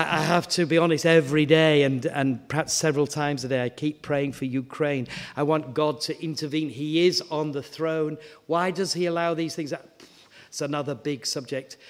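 A man preaching an informal sermon, chatty, stumbling over repeated words, rising into eager questions. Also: on the high side. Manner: conversational, repeats words, rises to animated questions. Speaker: guest preacher. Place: church hall. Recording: long hall reverb.

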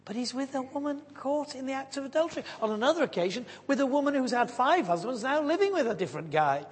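Animated woman preacher in a reverberant hall. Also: sits high, fast, husky. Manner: animated storyteller acting out voices. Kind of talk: sermon storytelling.

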